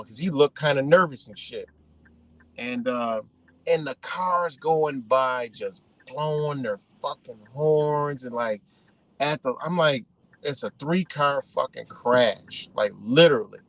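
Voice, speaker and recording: Fired-up swearing man, slightly high voice. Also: rough recording. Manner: heated, emphatic, heavy swearing; repetitive, restarts mid-thought. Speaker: live streamer. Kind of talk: profane ranting monologue.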